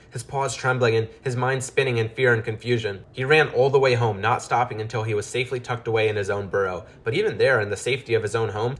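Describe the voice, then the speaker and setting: A man's voice: mid-range voice, a bit bright. A man narrating a storybook tale in a loose, rambling way, with casual asides.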